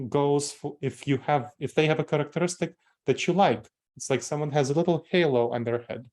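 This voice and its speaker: With a medium-pitched, darkish voice and a Moldovan accent, a man in his forties delivers a training session for company staff. He goes through things step by step, repeating key terms for emphasis.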